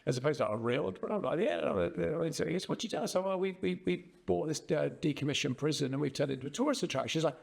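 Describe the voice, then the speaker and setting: A man hosting a casual interview, telling an animated story and acting out the voices in it. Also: a little high, rapid-fire, gravelly, hardly any pauses, slightly rough. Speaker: podcast host.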